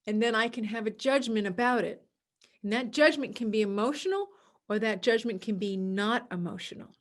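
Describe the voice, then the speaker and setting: Woman, podcast host, high-pitched, calm explanatory talk, solo podcast. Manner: acts out quoted voices in a dramatic, excited tone; calm, explanatory, repeats key words.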